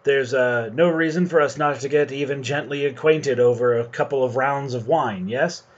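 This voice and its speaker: A man voicing a foppish, pompous male ship captain with a high, affected voice. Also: moderate pace, lo-fi sound, a little hiss or hum, natural voice. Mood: genteel.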